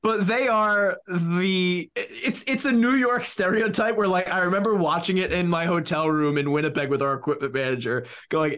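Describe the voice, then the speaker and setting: A man's voice: sits high, animated, moderate pace, hardly any pauses, fairly bright tone. A man co-hosting a podcast, bantering in a jokey, teasing way. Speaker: podcast co-host. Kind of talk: casual podcast chat.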